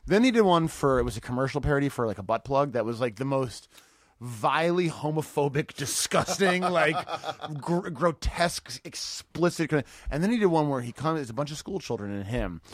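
A man's voice: a little high, fairly quick, no room sound, studio quality. A man in casual podcast chat, telling stories with lots of laughter and swearing. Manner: animated storyteller, laughs often, swears freely. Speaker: comedian guest.

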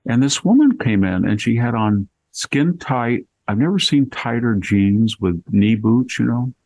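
A man's voice: mid-range voice, lively intonation, a little slow, darkish tone, rough recording. An older man hosting a podcast, chatting casually and telling anecdotes with plenty of asides. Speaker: podcast host. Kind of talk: casual chat.

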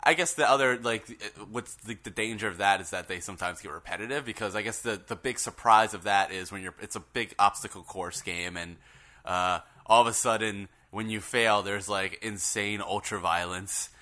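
A man's voice: fairly low pitch, moderate pace, sharp tone. A man co-hosting a casual podcast, rambling a little and laughing easily. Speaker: podcast co-host.

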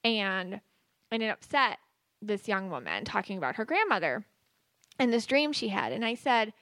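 A woman's voice: medium pitch, big pitch swings, moderate pace, fairly bright tone, no echo. A woman hosting a podcast, talking casually with many fillers and restarts. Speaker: podcast host and psychic medium. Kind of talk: casual spoken monologue.

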